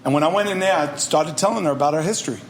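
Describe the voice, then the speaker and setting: A man telling stories as a guest rapper in a podcast interview, energetic and profane. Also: on the high side, very fast, a little hiss or hum.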